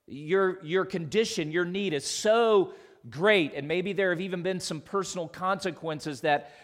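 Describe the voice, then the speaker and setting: A man's voice: sits high, measured pace. Earnest man preaching, rising and falling. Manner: earnest preaching with sudden loud emphasis and soft drops. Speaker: pastor. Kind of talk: sermon.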